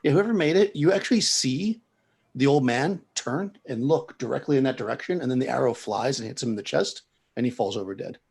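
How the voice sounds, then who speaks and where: A man running a tabletop game and narrating the scene. His voice is gravelly and husky, and he rambles and restarts as he describes the action. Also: medium pitch, fairly quick, darkish tone. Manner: rambling, full of fillers and restarts. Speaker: game master.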